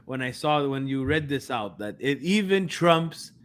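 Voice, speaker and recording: A man co-hosting a football podcast, talking in an animated, sarcastic, ranting way. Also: mid-range voice, measured pace. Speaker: podcast co-host. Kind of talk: casual podcast chat.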